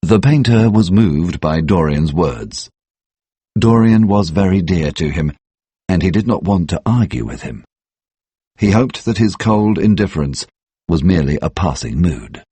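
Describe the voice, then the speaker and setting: A man narrating a story for English learners in a measured, steady way. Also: low voice, slightly rough, no room sound.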